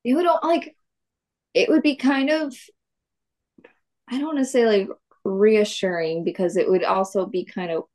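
A woman's voice: medium pitch, unhurried, pauses often, a little mellow. A woman podcast co-host reacting to a story with gasps, questions and musings. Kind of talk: casual chat.

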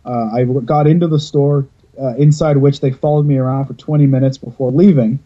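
A man's voice: mid-range voice, fairly even intonation, fairly quick, highs cut off. A man hosting a podcast over a video call, telling stories in a rambling, casual way and swearing freely. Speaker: podcast host.

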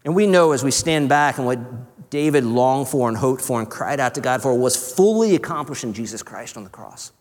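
A man preaching a sermon in an earnest, conversational way, sometimes dropping to a hush. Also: medium pitch, animated, moderate pace. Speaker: pastor. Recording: reverberant hall.

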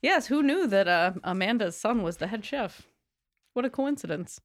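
Cheerful woman player with a lively voice. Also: medium pitch, normal speed. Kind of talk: playing a tabletop game.

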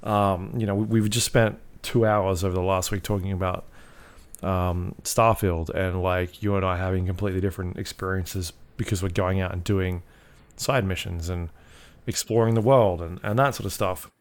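Male podcast co-host, slightly low voice, loose and rambling delivery packed with "like" and "um", casual cursing. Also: fairly even intonation, moderate pace. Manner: rambling, filler-heavy, swears freely. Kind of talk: casual chat about video games.

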